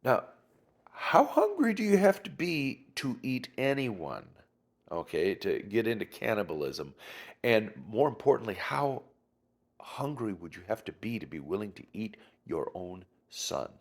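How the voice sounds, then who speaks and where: A man, a pastor, teaching through a Bible passage in a conversational way, pausing and restarting and putting questions to his listeners. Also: on the low side, big pitch swings.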